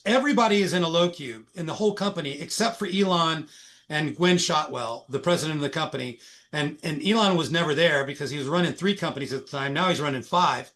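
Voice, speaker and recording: A middle-aged man, a recruiter, retelling a workplace story as a guest in a conversational interview. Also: on the high side. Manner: animated, anecdotal retelling.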